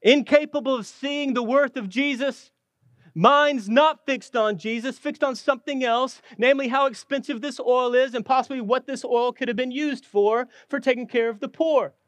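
A pastor whose voice sits high for a man preaches fervently, often dropping low and slowing right down to stress a point. The recording is dry and close, with no room echo.

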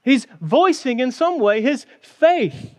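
A man's voice: very high voice, very animated, takes it slowly, a little mellow, no echo. A man preaching a sermon in an earnest storytelling manner. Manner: earnest, storytelling with acted quotes. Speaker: pastor.

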